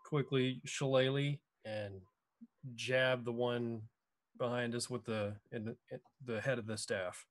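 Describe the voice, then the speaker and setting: A man's voice: medium pitch, steady tone, a little slow. Player: man with a mid-range voice, matter-of-fact as he calls out attacks. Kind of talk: casual tabletop game play.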